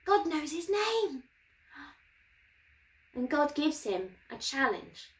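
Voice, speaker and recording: A woman with a high, very animated voice speaks slowly as she presents a children's Bible lesson for her church. Her manner is playful and encouraging, though the recording quality is low.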